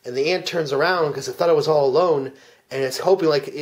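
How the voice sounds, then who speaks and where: A man giving a deadpan parody commentary track, telling an absurd plot earnestly, with frequent restarts. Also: fairly high pitch, fast talker. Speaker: comedic fake commentary speaker.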